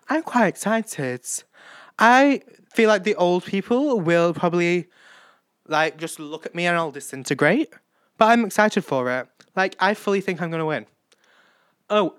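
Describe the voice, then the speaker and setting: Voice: mid-range voice, a bit bright, clear, resonant tone, dry recording, studio quality. A late-teen podcast host with a British accent, rambling through a casual solo catch-up in a chatty, self-mocking way. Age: late teens.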